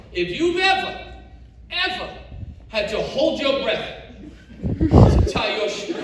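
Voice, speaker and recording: A middle-aged male stand-up comic performs an animated storytelling set in a lively, high voice. The sound is roomy and echoey, caught from a distance with audible background noise. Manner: animated storyteller acting out dialogue. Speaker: stand-up comedian. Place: comedy show stage. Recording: echoey live room from far off, noisy. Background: audience laughter.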